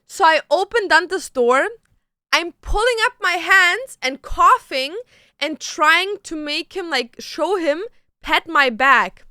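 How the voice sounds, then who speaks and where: A young woman streams and tells her chat a story in an animated, casual way, full of "like" and curses. Her voice sits high and sounds sharp and bright. The sound is close and dry. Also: no room sound. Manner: animated, swears freely, heavy use of "like".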